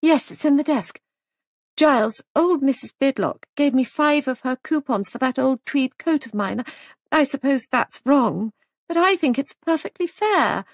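A woman voicing an anxious young wife who runs a guest house, raising her voice higher and speaking in a worried, plaintive way. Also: animated, a little slow, dry recording, clean studio sound. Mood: fretful.

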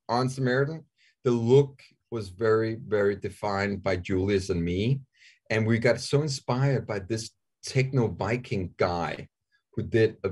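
Fairly low in pitch, dark-toned, and edged with breathiness, this man's voice carries a Danish accent. He's from Denmark, in his forties, and jokes frankly and repeats himself often as a guest in a relaxed interview.

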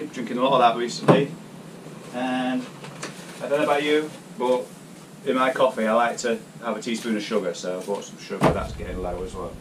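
A man from the UK talking casually through his shopping haul in a cycling vlog, rambling with many hesitations. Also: medium pitch. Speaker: cycling vlogger. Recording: distant mic, faint background noise.

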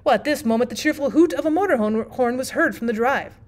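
A woman teacher reads a classic short story aloud in a steady, expressive way. Her voice sits fairly high, and she often starts sentences with a small "well". It sounds like a classroom audiobook. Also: quick pace, few pauses. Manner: steady, expressive reading with frequent "well" fillers. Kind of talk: audiobook narration.

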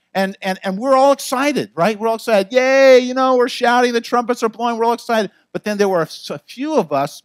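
A male pastor gives a lively sermon in church, talking conversationally and tossing frequent asides to the people in the pews. His voice is a little high, and the sound has no echo.

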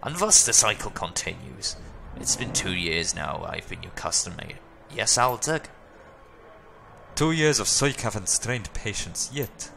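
A man's voice: fairly low pitch, animated, unhurried, gravelly, pushed and bright, slight background noise, full character voice. A man doing a smug, jowly old cafe regular. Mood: genial. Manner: smug, drawling, relishes bickering. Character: jowly, amused older male coffee-shop regular. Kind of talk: reading a video game's dialogue aloud.

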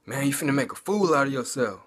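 A man's voice: mid-range voice, lively intonation, quick pace, a bit bright. A man voicing the taunting demons in his head, pushing mocking, insistent warnings at him. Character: taunting male demons whispering doubts.

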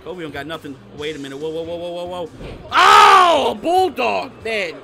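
A man giving excitable, profane gameplay commentary, trash-talking and bursting into shouts while he plays. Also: high voice, normal speed, gravelly, soft background music. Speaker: gaming YouTuber.

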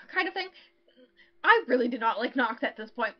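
On a muffled recording, a podcast co-host with a high, expressive voice goes over a novel's plot at normal speed. She keeps it casual and chatty, dropping plenty of ums and acting out what the characters say.

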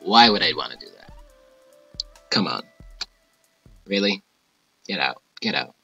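A man's voice: extremely low pitch, animated, unhurried, gravelly, sharp tone, husky, no room sound, muffled recording, faint music behind. A man casually commenting while playing a game, goofy and playful. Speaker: gamer, video creator. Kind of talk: let's play commentary.

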